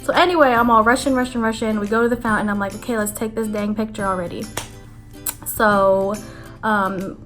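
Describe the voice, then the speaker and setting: A young adult woman vlogging to camera, telling a story in a chatty, animated way with lots of "like" fillers. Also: mid-range voice. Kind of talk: casual chat to camera. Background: faint background music.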